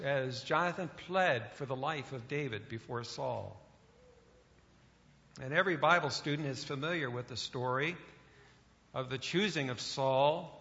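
A man preaching a sermon in an earnest way, pausing with fillers now and then. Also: a little high, bright, forceful tone. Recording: echoey hall, dull lo-fi sound.

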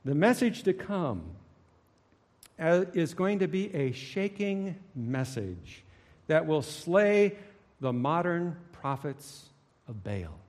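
A man preaching a sermon, swinging dramatically between hushed low tones and loud shouting. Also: big pitch swings, slow pace. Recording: long hall reverb.

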